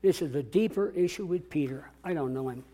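A man's voice: a little high, fairly quick, dark tone. A man preaching a sermon as a pastor, dramatic and calling out to his congregation. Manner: dramatic, call-and-response preaching.

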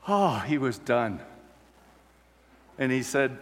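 Slow, storytelling male preacher in a hall. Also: mid-range voice, slight background noise. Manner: vivid storyteller, swings from loud to hushed. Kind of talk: storytelling sermon. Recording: long hall reverb.

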